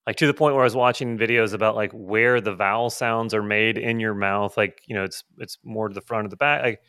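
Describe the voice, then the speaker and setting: A man's voice: lowish voice, fairly even intonation, a little fast, sharp tone, smooth, no room sound, studio quality. A man co-hosting a podcast in casual chat, rambling with many fillers and restarts. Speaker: podcast co-host.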